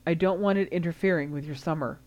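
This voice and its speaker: A woman reader voicing a weary, steady middle-aged father in an audiobook story, speaking evenly and firmly. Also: sits low, fast, natural voice. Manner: even, tired, firm.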